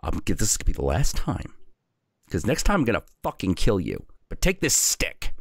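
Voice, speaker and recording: A man voicing a gruff, grumpy male wind spirit who talks bluntly and threatens. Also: low voice, huge pitch swings, moderate pace, dry recording, studio quality, full character voice.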